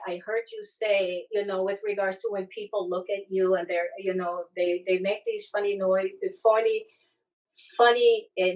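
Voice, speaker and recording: A woman with foreign accent syndrome, speaking haltingly on a church panel as a disability advocate. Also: medium pitch, recorded from a distance, poor audio. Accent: foreign accent syndrome, accent not from her Southern California origin. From Southern California. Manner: halting, restarts and searches for words. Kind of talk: panel discussion.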